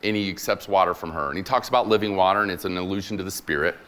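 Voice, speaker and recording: A man with a low, slightly bright voice talks at a rapid clip. He's a military chaplain guest-preaching a sermon, retelling scripture casually and playfully with slang, acting out quoted voices in conversational paraphrase.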